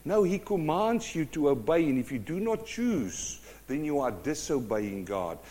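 Male preacher, sermon, animated storyteller, fairly high voice. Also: unhurried.

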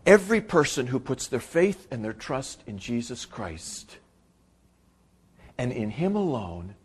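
A man preaching a sermon. He swings from loud, emphatic bursts to quiet asides and repeats his key phrases for weight. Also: medium pitch, very animated, unhurried, husky. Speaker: pastor.

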